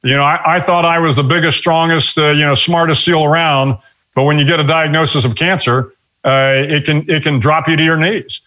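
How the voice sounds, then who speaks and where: A man in his sixties, a guest telling stories in an interview, talking in a measured way with many pauses and fillers. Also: a little high, steady tone, pushed and bright. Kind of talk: reflective interview storytelling.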